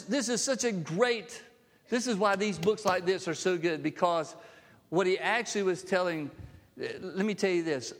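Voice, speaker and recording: A man preaching a sermon as a pastor, emphatic, with his pitch climbing sharply when he voices the words he quotes. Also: fairly bright tone. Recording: long hall reverb.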